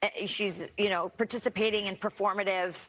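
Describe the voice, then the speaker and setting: A woman's voice: mid-range voice, steady tone, fairly quick, a bit bright, a little hiss or hum, poor audio. A woman commenting on politics on a panel, chatty, with frequent ums. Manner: chatty, with many um fillers.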